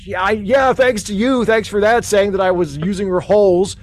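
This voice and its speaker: A man's voice: sits high, moderate pace, close to an everyday voice. A man playing a grieving, frustrated young man who rambles with many fillers in a comedic audio drama.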